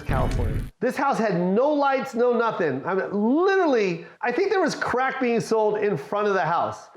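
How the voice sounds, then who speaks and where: A middle-aged man, a stand-up comedian, telling a comic story in an animated, swearing way and acting out every voice. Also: sits high. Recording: roomy echo with faint music.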